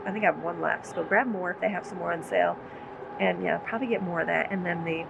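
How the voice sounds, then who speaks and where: Talking at a quick pace with vocal fry, a woman vlogger rambles casually through her day at home and on her deck, putting on a high voice for her pets. She's a homeschooling mom with a chatty manner. The sound is lo-fi, with background noise.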